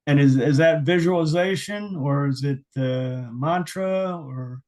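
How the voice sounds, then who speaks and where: A man's voice: a little high, unhurried, darkish tone. A man hosting an interview, asking brief, hesitant questions with fillers. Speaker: interview host.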